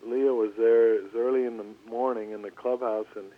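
An older man, a former pitcher, recalls his early career in an interview, talking in a relaxed, halting way with many restarts. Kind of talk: storytelling interview. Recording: tinny phone line.

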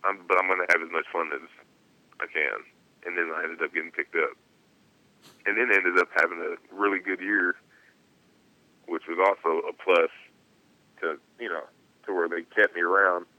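A young baseball player tells a story in an interview, laughing often and acting out what people said in a lively, casual way. He speaks low at a moderate pace with long pauses. The recording has no room sound, and the highs are cut off.

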